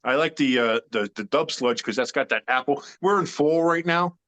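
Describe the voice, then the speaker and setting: A man co-hosts a sports podcast in a casual chat, sounding opinionated and emphatic as he rambles with fillers. His voice is mid-range and slightly bright, at a moderate pace.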